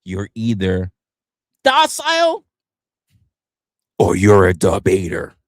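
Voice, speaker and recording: A male livestream host in a casual, sarcastic rant who keeps slipping into mock voices. His pitch swings widely and his delivery is lively. The sound is close and dry with no room echo. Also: a little slow. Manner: animated, sarcastic, acts out other people's lines.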